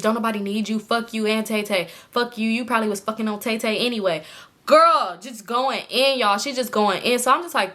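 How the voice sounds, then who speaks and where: A young woman with a hoarse throat telling a storytime to her viewers in casual, slangy, animated chat. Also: on the high side. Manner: animated, slangy, quotes people in voices. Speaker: storytime vlogger.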